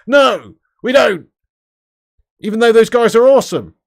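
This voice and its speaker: Loud sweary young man. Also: extremely high pitch, animated, unhurried, creaky. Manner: loud, sweary, banter-heavy. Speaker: livestream host. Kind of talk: casual live chat reading super chats.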